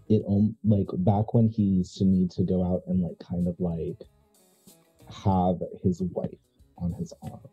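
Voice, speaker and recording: A man player with a very low, husky voice who rambles and uses many fillers. His mic sounds slightly dull and muffled, with faint music behind him. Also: level tone, measured pace, dark tone. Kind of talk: casual role-play talk.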